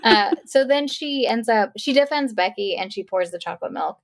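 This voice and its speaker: A woman's voice: fairly high pitch, animated, moderate pace, vocal fry, dry recording. Chatty woman podcast co-host. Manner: chatty, retelling with acted quotes; profane, frank. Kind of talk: casual chat about a movie.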